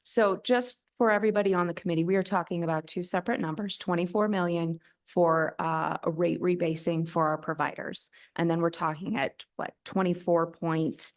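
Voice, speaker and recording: A woman's voice: on the low side, fairly even intonation, normal speed, few pauses. Woman legislator questioning figures. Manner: works through figures aloud, some stumbling. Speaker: state representative. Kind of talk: committee questioning.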